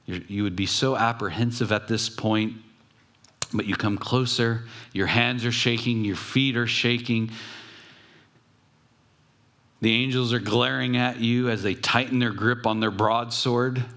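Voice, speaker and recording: A pastor giving a conversational sermon, telling stories with pauses and restarts. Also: male voice, mid-range voice, steady tone, fairly bright tone.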